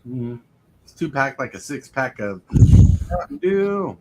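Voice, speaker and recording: A man hosts a casual live stream from his home setup, rambling, restarting a lot, and laughing at his own jokes. His mid-range voice is a bit bright, unhurried, and swings widely in pitch, with slight background noise.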